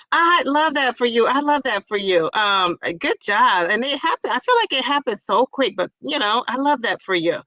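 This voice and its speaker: A woman's voice: a little high, lively intonation, moderate pace, hardly any pauses, no echo, muffled recording. A woman in her fifties from Ohio, hosting a casual livestream and chattily greeting viewers from the chat. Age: 50s. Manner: chatty and effusive, greets viewers with loud bursts. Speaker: livestream host reading chat.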